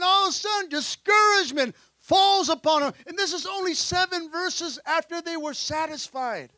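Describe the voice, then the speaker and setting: A man preaches a lively sermon in a very high, bright voice. He drives his points home with repeated calls of "amen" and bursts into the voices of the characters he describes. The sound is close and dry. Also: no echo. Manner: energetic preaching, frequent "amen", acts out disciples' voices. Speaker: pastor. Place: church sanctuary.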